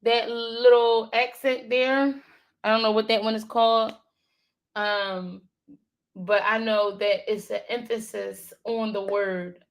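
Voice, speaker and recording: A woman learning a language, thinking aloud and slowly repeating words to practice them. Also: on the high side, flat delivery. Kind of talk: thinking aloud while studying.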